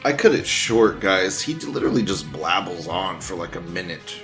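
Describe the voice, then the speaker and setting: A low-voiced man hosts a casual online news show, reading posts aloud and reacting with a lively, swinging pitch. He laughs often, swears freely and turns sarcastic, with faint music behind. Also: moderate pace. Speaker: news commentary host.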